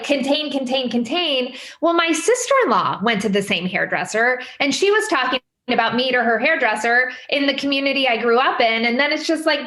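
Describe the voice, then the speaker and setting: Animated woman telling stories in a roomy room. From Midwestern United States. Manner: animated, many fillers, jumps up in pitch quoting others. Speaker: podcast guest and author. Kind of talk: candid conversational storytelling. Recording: roomy echo.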